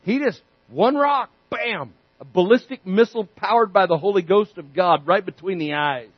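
A man preaching a sermon, telling a story with lively energy and acting out the characters' voices. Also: high voice, normal speed, no echo, highs cut off. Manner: animated storytelling, acts out voices.

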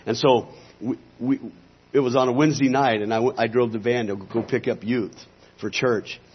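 A man's voice: medium pitch, fairly even intonation, moderate pace, muffled recording, slight background noise. A man, a pastor, giving a testimony in a sermon and acting out the conversations he recalls. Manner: storytelling, acting out dialogue.

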